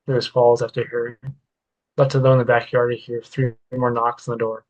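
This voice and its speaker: A man reads his unfinished story aloud in first person, the pitch held flat and even throughout. He reads plainly, now and then tripping on a word and correcting himself. It sounds like an author sharing a draft rather than a polished narration. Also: fairly quick, dull audio. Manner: plain reading with occasional stumbles and self-corrections. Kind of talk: reading a work-in-progress story aloud.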